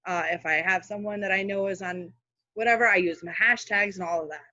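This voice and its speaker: A woman's voice: medium pitch, fairly even intonation, a little fast, sharp tone, dry recording, lo-fi sound. A woman speaking as a guest social media manager, giving casual, practical tips on a live video call with many fillers and asides.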